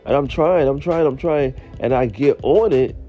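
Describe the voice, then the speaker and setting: A man's voice: mid-range voice, normal speed, lightly acted. A man voicing a brash, blunt woman coworker who tells her story in a matter-of-fact, slangy, unashamed way, with slightly muffled audio and faint music.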